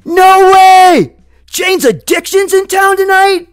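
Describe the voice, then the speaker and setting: A man voicing an excitable, wide-eyed young man who shrieks in disbelief. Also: very high voice, slow, voice pushed up. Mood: shrieking.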